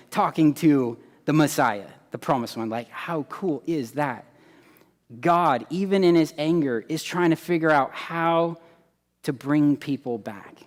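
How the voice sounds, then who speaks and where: A man preaching a sermon, animated, acting out quoted voices and swinging between loud emphasis and hushed asides. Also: a little high, in a large hall. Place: church hall.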